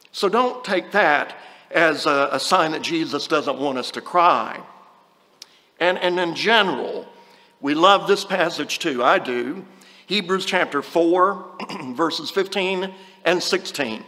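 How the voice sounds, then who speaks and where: A man's voice: sits high, animated, unhurried, sharp tone, in a large hall. A man preaching a conversational sermon, reading scripture and acting out short quotes.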